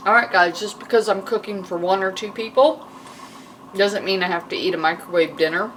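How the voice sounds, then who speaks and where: A woman's voice: medium pitch, brisk, a bit bright, a little hiss or hum. A woman hosting a casual cooking vlog in her home kitchen, chatting and rambling as she thinks aloud. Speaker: home cook and channel host. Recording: distant mic, kitchen clatter behind.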